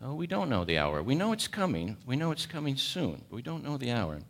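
A man's voice: medium pitch, wildly swooping pitch, brisk. A man in his sixties with a cold, preaching a sermon, emphatic and repeating key words as he questions the congregation. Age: 60s. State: has a cold.

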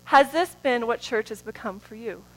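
A woman preaching a sermon in a church, moving between soft, drawn-out phrases and loud, rising calls. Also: on the high side, lively intonation, noisy background.

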